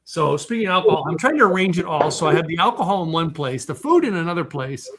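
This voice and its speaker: Lively-pitched joking man. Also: fast, crowd noise. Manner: joking, teasing banter. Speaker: podcast co-host. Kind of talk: casual chat.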